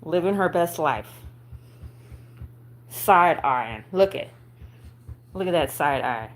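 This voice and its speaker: A woman's voice: low-pitched, animated, slow. A woman host chatting casually on a livestream while she plays with her dog, laughing and cooing baby talk into a phone on a stand.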